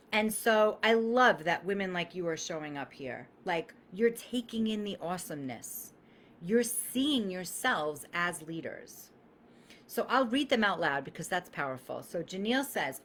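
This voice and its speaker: A woman in her thirties coaches her audience on a live stream with a lot of emphasis. Her pitch rises and falls over a wide range, and she swears casually as she acts out the people she is quoting. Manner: emphatic, swears freely, acts out quoted voices.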